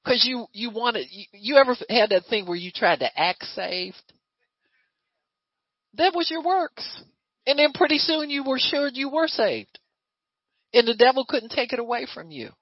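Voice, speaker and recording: Woman preacher, animated pitch, breathy edge, dull muffled recording. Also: unhurried, dry recording. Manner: lively, conversational preaching with rhetorical questions. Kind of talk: sermon.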